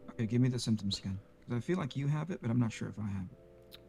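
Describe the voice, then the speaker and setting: A man's voice: mid-range voice, expressive, fast talker, gravelly, a little mellow. A man co-hosting a casual chat, making wry, teasing remarks.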